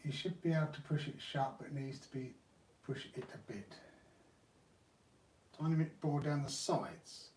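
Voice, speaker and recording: A man's voice: medium pitch, normal speed, pauses often, a little mellow, a little hiss or hum. A man hosting a live hobby stream, chatting casually to viewers while he works on a repair. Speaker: RC hobby channel host. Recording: roomy, distant mic.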